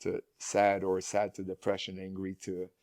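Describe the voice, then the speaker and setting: A man's voice: deep voice, completely flat delivery, normal speed, a little mellow, no echo, studio quality. A man talking casually as a guest speaker in an interview, speaking with frequent restarts and repeated words. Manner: rambling, many restarts and repeated words, laughs often.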